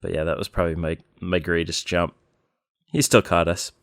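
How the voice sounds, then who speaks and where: A man with a very low, resonant voice co-hosts a casual podcast chat. He tells stories plainly and without hurry, filling the pauses with ums and likes. The sound is close and dry, with no room in it. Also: flat delivery, dry recording. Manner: plain, unhurried storytelling with many fillers. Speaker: podcast co-host.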